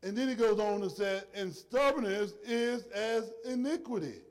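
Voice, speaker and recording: A male preacher giving an emphatic sermon, swinging between shouted points and soft, low asides. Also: moderate pace. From rural area. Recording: long hall reverb.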